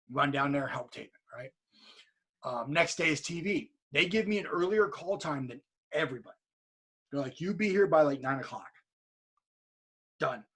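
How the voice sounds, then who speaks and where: A man's voice: fairly high pitch, a bit bright, husky. A man from California telling a story in a casual podcast chat, acting out what other people said. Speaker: podcast guest.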